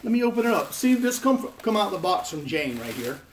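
At his Las Vegas home, a man opens fan mail on a live stream, chatting casually and profanely while he jokes and rambles. His voice sits high, very animated, and he talks fast, with a little hiss or hum in the audio.

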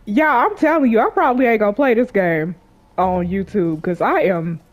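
A woman's voice: medium pitch, moderate pace. A woman giving casual gameplay commentary as a YouTuber, chatty and slangy with her viewers, jumpy and laughing nervously, shrieking as she plays. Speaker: gaming YouTuber.

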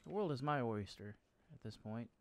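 Young guy gaming at home, mid pitch, jokey, cusses a bit, chats with the zombies. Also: lively intonation, moderate pace. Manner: joking, talks to the game enemies, swears now and then. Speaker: gameplay streamer. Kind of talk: casual let's-play commentary. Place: home room.

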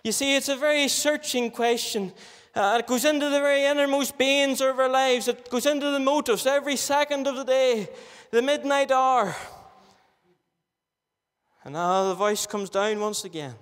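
A man preaching with earnest, pleading insistence, pressing the same questions again and again. His voice sits high. The sound carries a long reverb from a church hall. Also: moderate pace, fairly bright tone, clean tone. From Northern Ireland. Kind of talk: gospel sermon.

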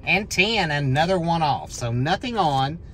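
A scratch-off lottery host, calling out numbers as they scratch and breaking into excited shouts at wins. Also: mid-range voice, a little slow, slight background noise.

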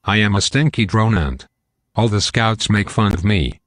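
A man's voice: on the low side, moderate pace, no room sound, close to an everyday voice. A text-to-speech male voice with an American accent, reading as a young male drone ant. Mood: plain. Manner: flat, even computer reading.

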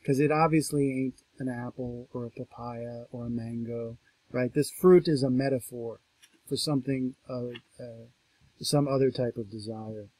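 A man lecturing on a scripture passage, reading verses aloud in a raised, slower voice and then explaining them casually, thinking aloud with restarts and asides. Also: medium pitch, fairly even intonation, no echo. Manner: reads quoted verses louder and slower, then explains conversationally. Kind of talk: reading and commenting on a text.

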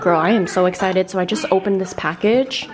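A young woman chatting casually to the camera in a home vlog, telling stories in an animated way. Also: mid-range voice, fairly quick. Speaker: vlogger.

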